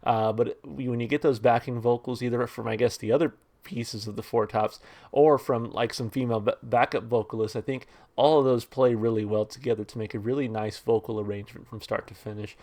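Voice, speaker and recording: A man hosting a music reaction channel, talking through a song in a relaxed, rambling way and reading its lyrics aloud. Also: mid-range voice, brisk. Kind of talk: casual music review talk.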